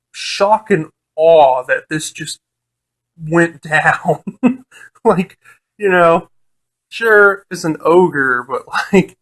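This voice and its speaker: A man casually retelling a tabletop adventure, laughing often and cursing freely. His voice sits a little high, and he talks slowly, with plenty of fillers. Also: fairly bright tone. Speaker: tabletop game player. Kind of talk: casual storytelling.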